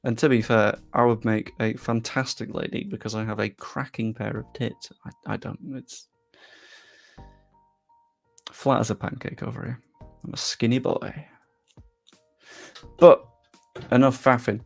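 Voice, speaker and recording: A man's voice: mid-range voice, fairly even intonation, normal speed, creaky, soft background music. A young man from England with a faint Yorkshire accent, casually chatting on a live stream and reading out viewer comments in a self-deprecating way.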